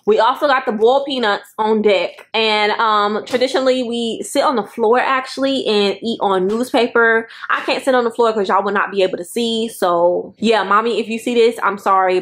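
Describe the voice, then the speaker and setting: Young woman vlogger, drawl, bright high voice, chatty and direct with viewers; roomy echo. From Florida, US. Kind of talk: casual chat to camera. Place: indoor room at home, seated at a table. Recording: echoey room.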